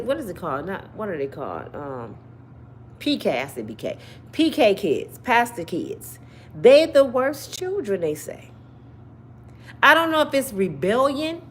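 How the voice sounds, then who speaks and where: Woman, casual commentary host, lively pitch swings, talks to viewers, repeats herself. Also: breathy edge. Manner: animated, talks to viewers directly, repeats and hedges with "allegedly".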